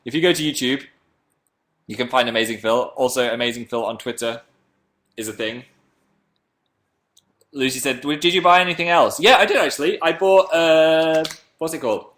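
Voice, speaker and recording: Playful young man with a slight northern accent. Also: a bit bright. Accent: slight northern English. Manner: chatty and playful, jumps into silly high voices. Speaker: livestreamer. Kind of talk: casual livestream chat answering viewer comments.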